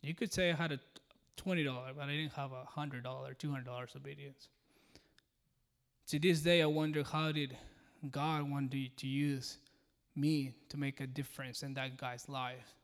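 A man in his thirties preaching a sermon to a congregation, lively and joking, and speaking straight to the people in front of him. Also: medium pitch, normal speed. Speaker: pastor. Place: church service in front of a congregation.

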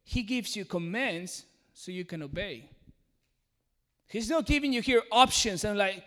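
A man in his thirties preaching a sermon to a congregation, lively and joking, and speaking straight to the people in front of him. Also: high voice, measured pace. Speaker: pastor. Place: church service in front of a congregation.

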